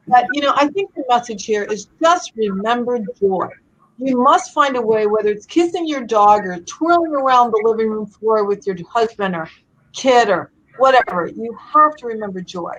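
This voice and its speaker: A woman guest on a webinar, telling stories in a bubbly, animated way over a video call. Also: on the high side, low-quality recording. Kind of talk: casual storytelling chat.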